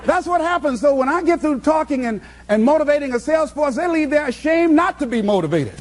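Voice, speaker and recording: Brief: man, motivational speaker, high voice, emphatic and preaching. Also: expressive, brisk, some chatter behind. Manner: preaching, emphatic, repeats phrases for effect. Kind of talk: motivational speech to a live audience.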